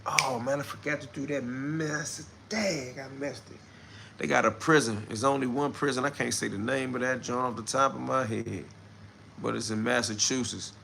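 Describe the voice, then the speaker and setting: Gravelly slangy man talking on a livestream. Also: mid-range voice, fairly even intonation, normal speed, pushed and bright, a little hiss or hum. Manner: loose slangy commentary, greets viewers. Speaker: livestream host. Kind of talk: casual live-stream talk reading chat.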